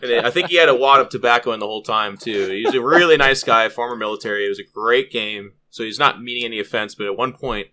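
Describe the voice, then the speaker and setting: A man co-hosting a podcast, telling a lively anecdote and acting out the people in it. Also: on the low side, fast, hardly any pauses. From California. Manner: lively storyteller, acts out quotes. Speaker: podcast co-host.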